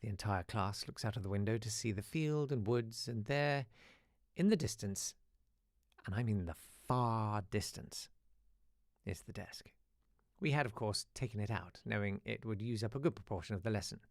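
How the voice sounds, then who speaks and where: A man's voice: on the low side, moderate pace, no room sound, clean studio sound. A man hosting a live show, chatting casually, reading listener emails and telling stories with asides and restarts. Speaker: host.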